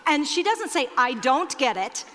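Brief: lively Iowa woman, warmly chatty speaker at a ladies' church event, a bit high, bright tone, hall reverb. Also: normal speed. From Iowa, USA. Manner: lively, chatty, addresses the audience directly. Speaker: speaker at a women's church Christmas gathering. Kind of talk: storytelling talk and prayer to an audience. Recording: long reverb in a large hall.

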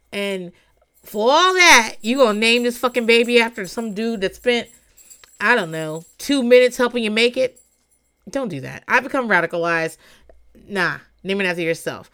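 Chatty, smooth-voiced woman podcaster. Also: mid-range voice, fairly bright tone. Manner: chatty, profane, laughing asides. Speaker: podcast host. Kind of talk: casual true-crime commentary.

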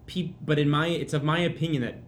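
A man's voice: on the high side, fairly even intonation, fast, a little hiss or hum. A man co-hosting a podcast in casual chat, rambling and restarting sentences, laughing often. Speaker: podcast co-host.

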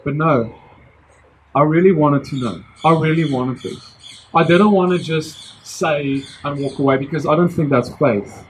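Earnest man telling a story, slightly high. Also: a little slow, a little hiss or hum, low-quality recording. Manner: earnest, excited, rambling with many restarts. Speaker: vlogger sharing a testimony. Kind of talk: casual personal storytelling.

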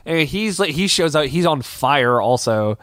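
Animated swearing man chatting casually. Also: a little high, normal speed, dry recording, clean studio sound. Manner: animated, swears freely, laughs. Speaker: co-host. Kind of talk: casual podcast chat.

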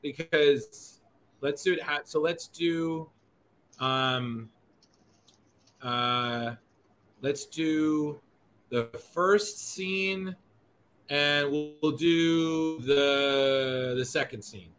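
A man's voice: a little high, very slow, long pauses, a bit bright, a little hiss or hum. A man hosting a podcast in casual chat who rambles, swears and corrects himself as he goes. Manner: rambling, profane, self-correcting. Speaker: podcast host.

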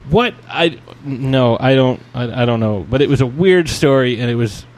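A man's voice: mid-range voice, moderate pace, a little mellow. A man co-hosting a podcast, telling a story in a rambling, casual way, with many restarts and fillers. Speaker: podcast co-host.

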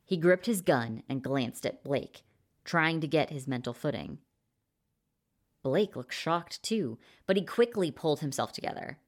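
A woman narrating a short story in a steady, measured way. Her voice is low and grounded, and she reads the prose evenly between the characters' lines. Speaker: reader.

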